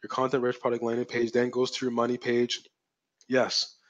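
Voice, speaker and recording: A man leads a live webinar as a coach, hammering home points with repeated phrases and rhetorical questions. His voice is worn and fading, mid-pitched and ordinary. The stream audio sounds a little dull and lo-fi. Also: monotone, normal speed. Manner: emphatic, repetitive, rhetorical questions. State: losing his voice. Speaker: online marketing coach.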